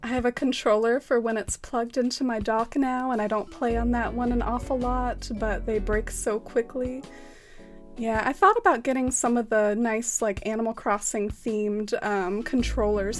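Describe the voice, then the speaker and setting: A woman's voice: on the high side, steady tone, moderate pace. A young woman streaming casually, giggling and cooing at her cat, with music playing behind her. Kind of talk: casual livestream chat.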